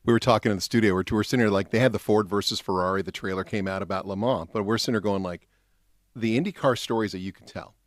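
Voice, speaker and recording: A man hosting a radio morning show, joking and excitable in a casual studio chat with his guests. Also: fairly low pitch, fast talker, dry recording.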